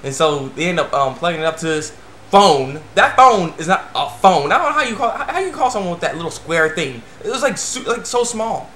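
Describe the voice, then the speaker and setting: A man rambling casually through an anime episode review, breaking into squeaky voices for quoted characters. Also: expressive, a little fast, bright, forceful tone, echoey room, a little hiss or hum.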